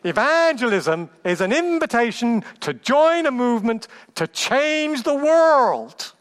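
A man putting on an American accent to imitate an enthusiastic preacher, loud and drawn out. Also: very high-pitched, very animated, pitched above the performer's own voice, exaggerated voice. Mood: fervent. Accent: American (put on). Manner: loud, drawn-out, rising emphasis.

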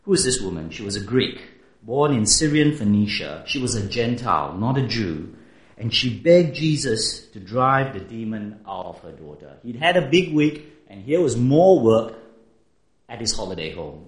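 A man delivering a sermon in a conversational way, often stopping to put questions to his listeners. His voice rises and falls in a lively way. The recording has a noticeable roomy echo. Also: mid-range voice, moderate pace. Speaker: preacher.

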